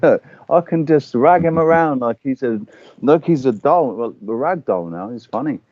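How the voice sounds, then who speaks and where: Lively man telling stories. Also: mid-range voice, normal speed, no echo. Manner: animated storytelling, swearing, acting out quotes. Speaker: podcast guest. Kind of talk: casual chat. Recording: dull lo-fi audio.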